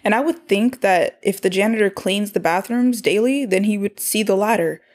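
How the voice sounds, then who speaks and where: Woman, casual recap, exasperated asides, mid pitch. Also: moderate pace, a little mellow. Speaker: show recapper.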